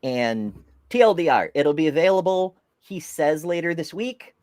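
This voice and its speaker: A woman's voice: low voice, normal speed, dry recording, clean studio sound. A woman hosting a podcast, telling stories in a rambling, casual way and laughing often. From United States. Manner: rambling, animated storyteller with frequent laughs. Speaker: podcast host. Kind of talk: casual chat.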